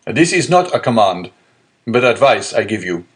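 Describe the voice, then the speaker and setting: A man voicing an agitated young male prosecutor who gives urgent, forceful orders. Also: fairly low pitch, sing-song, moderate pace.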